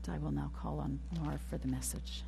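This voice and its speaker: A woman reading Bible passages aloud in a church service, in a measured, deliberate way. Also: deep voice, fairly even intonation, creaky, warm tone, big-room sound, a little hiss or hum. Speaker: scripture reader.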